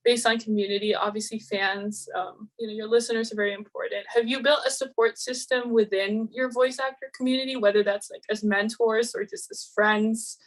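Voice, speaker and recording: A woman's voice: fairly high pitch, steady tone, fairly quick, hardly any pauses, low-quality recording. A woman interviewing a guest, asking long, hesitant questions in a casual way.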